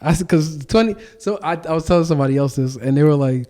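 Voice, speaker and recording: A man's voice: a little high, fast. A young adult man, a podcast host, talking casually and slangily in an interview and acting out the exchanges he retells. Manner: animated storytelling, acts out quoted exchanges.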